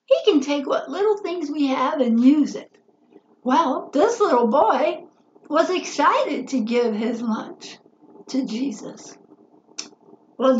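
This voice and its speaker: Slow, expressive woman telling a Bible story. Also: high voice, a little hiss or hum. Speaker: Bible teacher. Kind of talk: children's Bible story lesson. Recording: roomy, slightly dull recording.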